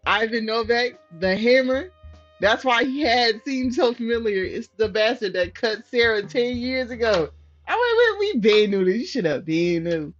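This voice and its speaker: A woman's voice: on the high side, moderate pace. A woman gaming streamer reading a story game aloud, breaking into profane, outraged reactions. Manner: animated, profane, bursts into loud outraged reactions. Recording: slightly muffled, soft game music behind.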